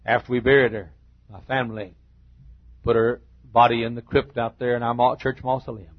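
An older man preaching in a church, retelling a personal story in a halting, heartfelt way with repeated phrases. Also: medium pitch, level tone, no echo, phone-quality sound. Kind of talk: emotional sermon storytelling. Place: church sanctuary.

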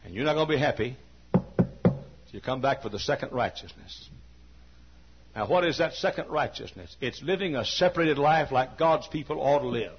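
A man preaching a sermon to a large church. He tells stories quietly and then breaks into high shouting. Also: expressive, normal speed, breathy edge, soft background music. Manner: swings from hushed storytelling to high shouting. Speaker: pastor. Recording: dull lo-fi sermon recording.

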